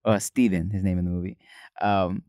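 A man's voice: deep voice, level tone, a little fast, a little mellow, no echo, studio quality. A man co-hosting a podcast, telling loose, filler-heavy stories in casual chat. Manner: rambling storyteller, many fillers, laughs often. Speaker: podcast co-host.

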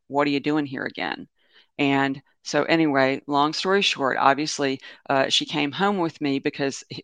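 His slightly high voice is smooth and a bit bright, with no room sound, as he tells rambling animal stories in an informal webinar. He frequently backtracks to correct himself and relies on lots of fillers.

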